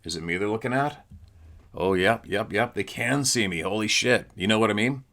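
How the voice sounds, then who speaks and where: A man hosting a show talks casually at home, his voice on the low side, a bit bright, and at a moderate pace. He tells loose, easygoing stories, swearing freely and laughing often, into a laptop camera mic.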